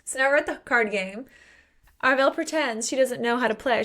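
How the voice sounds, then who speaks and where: A woman co-hosting a casual book podcast, lively, acting out characters' lines and swearing casually. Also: fairly high pitch, a little fast. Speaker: podcast co-host.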